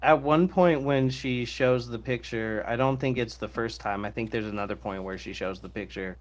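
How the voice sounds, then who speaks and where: A man co-hosting a podcast, talking in a relaxed, rambling way with lots of fillers. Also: medium pitch, moderate pace. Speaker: podcast co-host. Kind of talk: casual podcast discussion.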